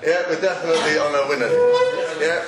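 A man giving a Talmudic lecture to a small audience, halting, many restarts and frequent laughs. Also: on the high side, a crowd in the background. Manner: animated, halting with repeated restarts, laughs often. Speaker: Torah teacher. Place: echoey room with a live audience. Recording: roomy echo, faint noise.

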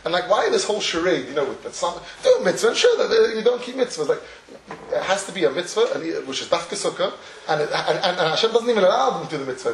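A man's voice: sits high, a little hiss or hum. A man giving a Torah lecture, telling stories animatedly with many restarts and chuckles. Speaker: Torah teacher. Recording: echoey room, distant mic, faint ambience.

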